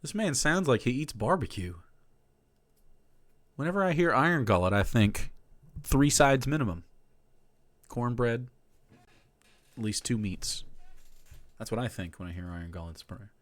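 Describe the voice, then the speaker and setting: A man's voice: mid-range voice, expressive, moderate pace, pauses often. A young man commenting sarcastically on clips during a casual stream, mocking what he hears.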